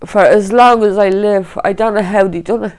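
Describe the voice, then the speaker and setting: In an interview, a fire survivor from Dublin, a middle-aged woman with the local accent, recounts her experience vividly and reenacts what other people said, frequently adding "right?". Her voice is medium-pitched, steady, and a little mellow, at a normal speed.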